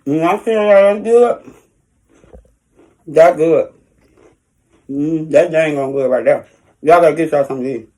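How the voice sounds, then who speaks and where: A woman's voice: low-pitched, unhurried, long pauses, dark tone. A woman talking casually to her viewers in an eating vlog, chatty and folksy, chewing while she talks. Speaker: food vlogger.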